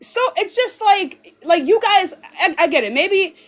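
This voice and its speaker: A woman's voice: very high voice, animated, unhurried. A young woman livestreaming, ranting angrily and hurling profane insults at her viewers. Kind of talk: live-stream rant.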